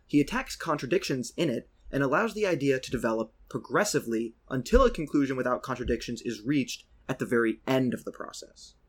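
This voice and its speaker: A young American man on a podcast, talking in an easy, rambling way with a middle-pitched voice. He trails into anecdotes, then settles into a patient, step-by-step explanation. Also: slightly rough. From United States. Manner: relaxed storytelling, many restarts, slips into lecture mode. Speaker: podcast co-host. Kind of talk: casual podcast chat and explaining.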